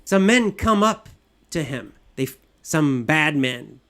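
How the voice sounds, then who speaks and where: A man's voice: a little high, big pitch swings, slow pace, fairly bright tone. A man retelling a story in plain, simple English with repeated phrases.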